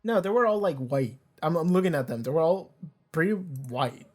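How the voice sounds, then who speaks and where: A man's voice: on the high side, lively intonation, moderate pace, a little mellow. A man hosting a reaction video, talking casually and animatedly, rambling with frequent restarts and swearing.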